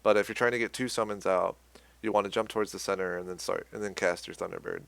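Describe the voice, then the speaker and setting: A man's voice: on the low side, fairly even intonation, fast talker, gravelly, heavy background noise. A young man giving a casual, rambling game tutorial, correcting himself as he goes. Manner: laid-back, rambling, self-correcting. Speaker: gaming tutorial host. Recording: loud game music behind the voice.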